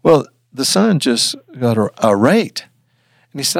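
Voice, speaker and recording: A man's voice: mid-range voice, very animated, creaky, no echo, studio quality. Earnest older man telling a story. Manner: earnest, halting with restarts. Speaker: guest. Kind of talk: storytelling in an interview.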